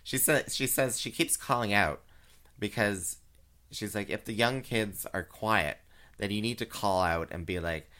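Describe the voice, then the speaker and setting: A man doing drag, hosting a chat show, talking casually with many fillers and giggles, and jumping into high sing-song voices. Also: unhurried, pushed and bright. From Canada. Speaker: drag queen radio show host. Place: home, recorded live.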